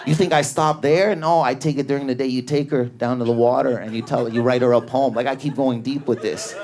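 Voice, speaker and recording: A man doing a stand-up comedy set in a club, riffing at high energy on an audience member. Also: noisy background. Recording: live club with a laughing crowd. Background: audience laughter.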